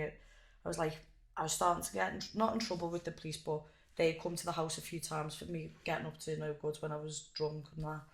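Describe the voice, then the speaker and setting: A young woman tells stories in a gravelly, fry-edged voice. She talks with animated, unfiltered energy and swears freely. The room around her sounds echoey. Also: sits low. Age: young adult. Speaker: guest fighter. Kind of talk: casual interview chat.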